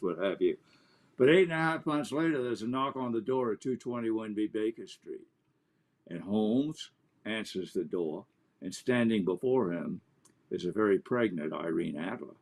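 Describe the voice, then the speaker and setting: A low-voiced man with a gravelly, creaky texture speaks as an author in an interview. He tells stories in an animated, anecdotal way. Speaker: author and guest. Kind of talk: storytelling in an interview.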